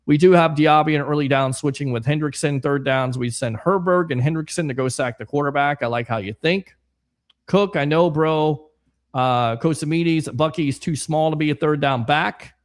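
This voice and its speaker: A man hosting a casual sports livestream, chatting and reading viewer comments aloud with rambling asides. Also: a little high. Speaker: sports podcast host.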